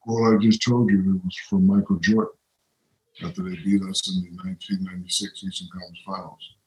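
Brief: deep male guest spinning anecdotes, roomy echo. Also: little pitch movement, fairly quick. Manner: rambling anecdotes with quoted voices. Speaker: interview guest. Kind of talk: casual storytelling.

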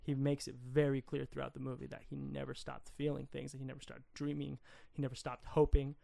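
Gravelly young man, flat delivery. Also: mid-range voice, a little fast. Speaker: podcast co-host. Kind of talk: casual film discussion.

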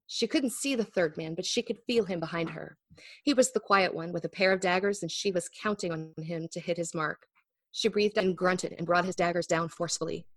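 A woman's voice: lowish voice, dry recording. A woman author talking casually about her writing with a self-deprecating, easy laugh, then reading her fantasy chapter aloud. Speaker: author and guest. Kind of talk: casual interview chat and book reading.

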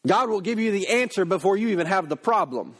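A male pastor giving a sermon in a lively, conversational storytelling manner. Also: high-pitched, quick pace, husky.

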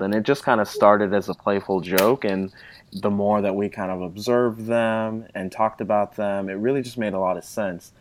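Guy with a lowish voice, guest on a chat show, talks a lot, lots of "you know". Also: fairly even intonation, moderate pace, slight background noise. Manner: chatty, explains at length with many "you know" fillers. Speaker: interview guest. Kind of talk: casual conversational interview.

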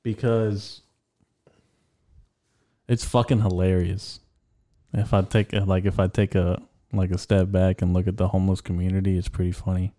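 A young man with a low, relaxed, mellow voice rambles through crude stories on a casual podcast. He swears constantly and strings his tales together with filler words. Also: moderate pace. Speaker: podcast co-host. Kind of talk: casual chat.

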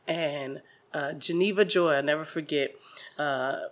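A woman's voice: sits low, unhurried. A woman comedian in a casual interview, telling stories animatedly and laughing often. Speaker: comedian guest.

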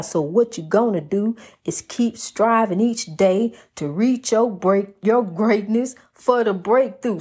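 A woman's voice: mid-range voice, measured pace, hardly any pauses, slightly rough. Woman preaching love, calling you honey. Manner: rhythmic, repeats phrases, calls listener honey; lively, swings between loud and soft. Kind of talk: preachy casual monologue.

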